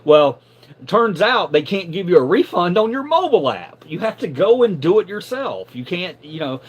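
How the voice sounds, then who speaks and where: Middle-aged man, casual live-stream storyteller; lively, slightly high voice, profane, stammers when worked up. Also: normal speed, breathy edge, muffled recording. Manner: animated, profane, repeats words when riled.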